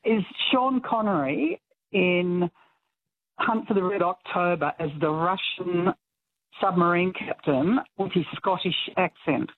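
A woman's voice: lowish voice, takes it slowly, no echo. A woman calling in to a radio show, giggly and self-conscious. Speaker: caller. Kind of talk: phone-in call. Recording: tinny phone line.

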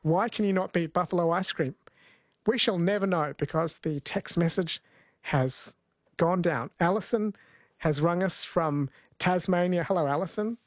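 A man hosts a talkback radio quiz in a chatty, self-correcting way. His voice sits a little high and the studio sound is dry and close. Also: moderate pace, dry recording. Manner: chatty, self-correcting, friendly banter with callers. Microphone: studio microphone.

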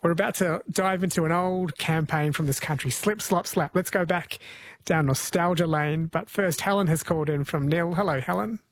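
A man hosting a radio show in a relaxed, easygoing way. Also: a little high, normal speed. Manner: easygoing, relaxed and light, laughs along. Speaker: radio host.

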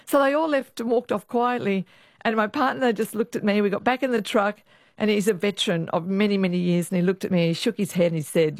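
A woman, a former police officer, recounting her years on the job in a lively interview. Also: mid-range voice, a little fast, no room sound, studio quality. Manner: lively storyteller, acts out quoted voices. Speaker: retired police officer, guest. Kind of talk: storytelling interview.

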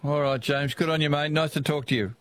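A man with an Australian accent hosting a casual radio talkback chat, easygoing and quick to laugh. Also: on the high side, steady tone. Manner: chatty, easygoing, laughs often.

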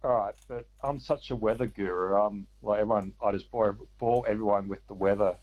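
Husky caller on a dull line. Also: male voice, on the low side, fairly even intonation, a little fast. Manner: self-mocking, hesitant. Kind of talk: casual phone-in chat.

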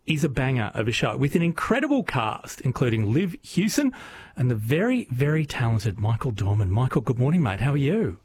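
A man's voice: medium pitch, very animated, fairly quick, darkish tone. A man hosting a casual interview, enthusiastic and chatty. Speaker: radio host.

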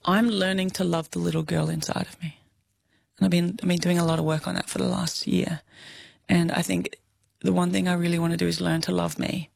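A woman's voice: on the low side, little pitch movement, fairly quick, creaky, a little mellow. A woman in her thirties with an Australian accent, an interview guest talking frankly and emotionally, laughing often and swearing casually. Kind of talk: candid conversational interview.

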